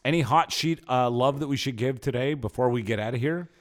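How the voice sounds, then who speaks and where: A man's voice: mid-range voice, brisk. A man co-hosting a casual podcast chat, with joking, sarcastic asides. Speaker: podcast co-host.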